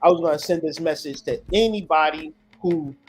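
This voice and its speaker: A man's voice: a little high, a little fast, soft background music. Profane, preachy man holding forth. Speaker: host. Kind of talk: preachy monologue.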